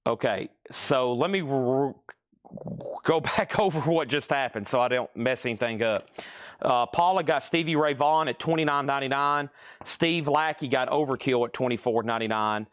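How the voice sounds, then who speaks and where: Slightly out of breath, a man hosts a record sale over a live stream, talking fast through prices and the names of buyers. His voice is mid-range, and the studio-quality audio carries no echo.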